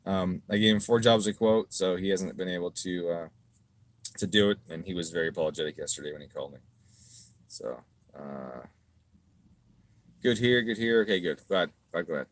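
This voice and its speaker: A man's voice: moderate pace, long pauses, dry recording. A middle-aged man answering viewers' questions in a casual livestream, profane and ranting, mocking critics. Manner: profane, ranting, mocks critics in shrill voices. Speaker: car parts business owner answering live chat.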